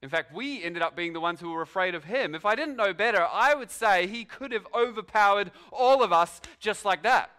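A man's voice: sits high, lively intonation, brisk, few pauses, sharp tone, voice pushed up. A man playing a stammering spooked guard. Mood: bewildered. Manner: stammering, bewildered retelling. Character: flustered male temple police officer reporting to his sergeant. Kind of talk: sermon storytelling in character.

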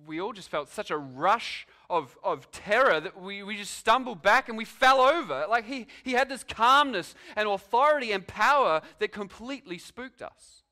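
A man's voice: sits high, moderate pace, hardly any pauses, pushed and bright, voice pushed up. A man voicing a flustered male police officer who stammers while reporting a strange arrest to his sergeant. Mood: spooked. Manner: stammering, bewildered retelling. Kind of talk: sermon storytelling in character.

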